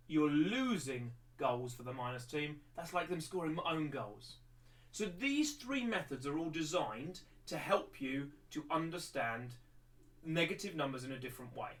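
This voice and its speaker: English maths teacher on a livestream, pretty high voice, sounds a bit far from the mic, lots of stumbles and restarts. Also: male voice, fairly bright tone. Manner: rambling, many restarts and repeated words. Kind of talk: livestreamed lesson.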